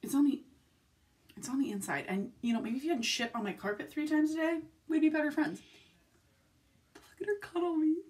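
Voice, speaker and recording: In this nighttime confessional vlog from a room at home, a young woman speaks fast in a high-sitting, expressive voice with a darkish tone. Her talk is casual and rambling, full of tangents and frequent swearing.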